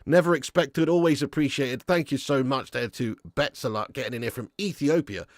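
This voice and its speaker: A young man hosts a live football watch-along at a brisk pace, reading chat messages and commentating casually. He swears and shouts at players, then drops back to low mutters, with clean studio sound and no room sound.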